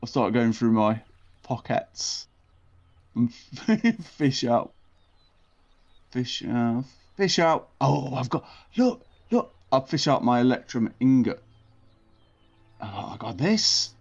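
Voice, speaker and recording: A man's voice: medium pitch, big pitch swings, slow, pauses often, a little mellow. A man playing a tabletop game, stammering and restarting his sentences often. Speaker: player. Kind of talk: tabletop game role-play. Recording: dull lo-fi audio.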